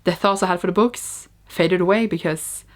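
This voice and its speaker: A woman with a Norwegian accent chats through her book picks in an easy, meandering vlog style. Her voice rests slightly low, and she fills her sentences with "like" and little self-mocking giggles. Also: normal speed. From Norway. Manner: chatty, rambling, peppered with "like". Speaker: book vlogger. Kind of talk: casual book review vlog.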